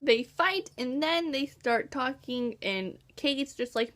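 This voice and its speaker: Woman book vlogger, casual chat, sarcastic and playful, higher voice. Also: slow pace, few pauses, fairly bright tone.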